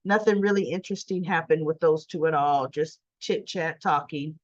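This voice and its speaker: A woman's voice: low voice, steady tone, moderate pace, dry recording. A woman casually recapping a soap opera episode and acting out the characters' lines as she goes. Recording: dry, slightly dull recording.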